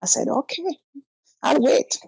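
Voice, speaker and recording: A woman's voice: sits high, unhurried, creaky, darkish tone, slightly rough, no echo, rough recording. A woman, calling in and telling a personal story in a casual way, acting out both sides of the conversations. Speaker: caller.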